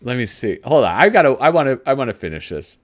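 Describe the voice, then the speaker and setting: A man's voice: mid-range voice, big pitch swings, quick pace, noisy background. A male host giving casual live commentary while flipping through a magazine. He rambles, gropes for names and chuckles often.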